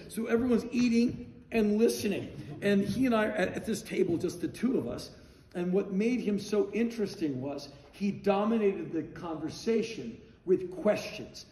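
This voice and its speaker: A man in his sixties telling a casual anecdote in an animated, emphatic way, acting out the dialogue. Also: high voice, moderate pace. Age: 60s. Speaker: storyteller guest. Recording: roomy sound, distant mic.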